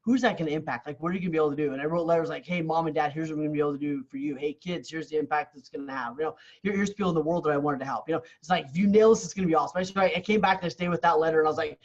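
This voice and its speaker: A man's voice: on the high side, rapid-fire, few pauses, lo-fi sound. A man who grew up in Canada, telling his story as a podcast guest in an earnest, candid way, often repeating words as he restarts. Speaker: real estate coach, podcast guest.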